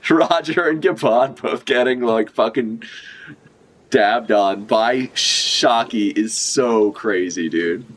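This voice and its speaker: A young man giving excited, joking live reaction commentary, swearing freely and laughing a lot. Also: mid-range voice, slow. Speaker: manga reaction streamer.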